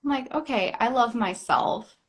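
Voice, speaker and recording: Young woman, comedian guest, live interview chat, acts out quotes, higher voice. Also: measured pace, husky. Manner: animated, acts out voices and quotes, laughs often.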